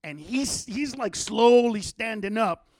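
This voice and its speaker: A man's voice: high voice, animated, slow, darkish tone, no echo, studio quality. A man telling a long, profane story in casual chat, acting out the quotes.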